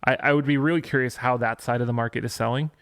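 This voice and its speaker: Guy co-hosting a gear podcast, lots of ums and restarts, kinda gravelly. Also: medium pitch, fairly even intonation, fast talker, a bit bright, dry recording, studio quality. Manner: hesitant, many fillers and restarts. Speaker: podcast co-host. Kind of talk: casual chat about gear news.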